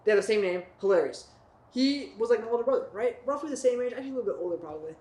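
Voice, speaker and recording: A man's voice: high-pitched, expressive, racing, a little mellow. A young man telling a long story in casual podcast chat, rambling with lots of restarts and "right?" tags. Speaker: podcast guest. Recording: echoey room with faint noise.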